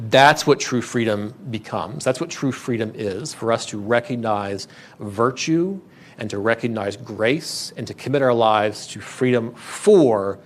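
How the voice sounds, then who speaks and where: A man pastor preaching a sermon in a church, earnest and emphatic, often restarting his phrases. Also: fairly low pitch.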